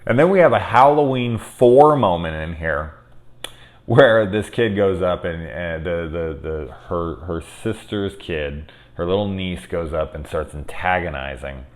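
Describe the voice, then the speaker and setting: A man in his thirties talks through a horror film in a casual, unscripted review. His voice sits very low. He swears often and swings from soft, reflective asides to loud, worked-up outbursts. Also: expressive, measured pace. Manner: candid and profane, swinging from quiet musing to loud exasperated outbursts.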